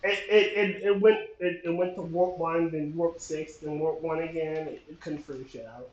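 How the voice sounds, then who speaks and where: A man's voice: on the high side, steady tone, normal speed. A man, a podcast host, joking casually with friends while playing a game, often stammering and restarting his sentences. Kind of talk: casual banter while gaming. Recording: roomy, muffled sound with faint noise.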